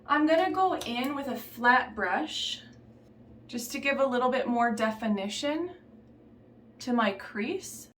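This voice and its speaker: A woman chatting casually through a makeup tutorial in a relaxed, offhand way, slipping into a put-on Southern belle accent. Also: fairly high pitch, measured pace, roomy sound, recorded from a distance, slight background noise. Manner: relaxed, chatty, trailing off and restarting while applying makeup. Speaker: beauty vlogger.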